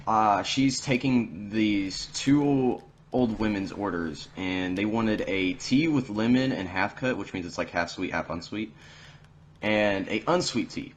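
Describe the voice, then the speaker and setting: A teenage man with a fairly low voice tells a story in loose, rambling podcast chat. He swears freely and fills his sentences with uhs and likes. A faint hiss sits under the recording. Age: teens. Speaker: podcast host.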